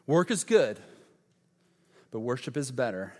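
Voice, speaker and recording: A man preaching a sermon as pastor, earnest, letting key lines fall soft and low. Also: animated, normal speed, big-room sound.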